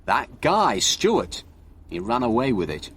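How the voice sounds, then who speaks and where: A man's voice: medium pitch, huge pitch swings, slow, fairly bright tone, slightly rough, exaggerated voice. A man reading a storybook and voicing a young male thief who protests his innocence and dodges questions. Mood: defensive. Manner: protesting and evasive.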